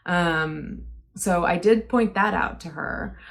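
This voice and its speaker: A young woman telling her side of a falling-out in a personal vlog, earnest and hesitant with many pauses. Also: fairly low pitch, creaky. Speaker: vlogger.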